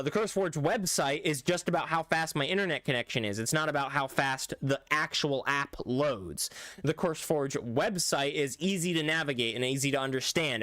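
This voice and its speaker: A man's voice: fairly high pitch, a bit bright, dry recording. Rambling young-sounding male streamer, dry mic. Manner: rambling, self-correcting, talks back to chat. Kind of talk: casual live-stream chat while gaming.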